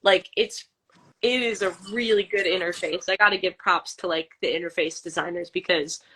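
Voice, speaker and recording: A woman who is a guest voice actress, chatting in an upbeat, animated way with plenty of fillers. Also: lowish voice, moderate pace, husky. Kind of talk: casual chat.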